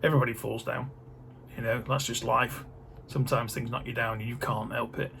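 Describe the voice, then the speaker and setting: A man's voice: mid-range voice, level tone, brisk, gravelly, pushed and bright, slight background noise. Rambling, jokey man vlogging. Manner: rambling, jokey, many fillers. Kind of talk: casual vlog chat.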